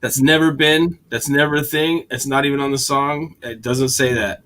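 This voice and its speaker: A man in casual chat, rambling and animated, swearing often as he talks. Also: medium pitch, moderate pace, slight background noise. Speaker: host.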